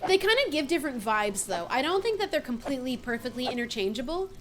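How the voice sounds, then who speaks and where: A high-pitched American woman chatting casually on a gaming stream, playful and quick to laugh. She talks to viewers into a desk mic with a faint hiss underneath. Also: very animated. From United States.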